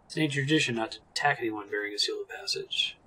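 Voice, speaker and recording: A man's voice: mid-range voice, very fast, pushed and bright, husky. A man voicing a rude, mocking male sailor while reading game dialogue aloud. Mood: scornful.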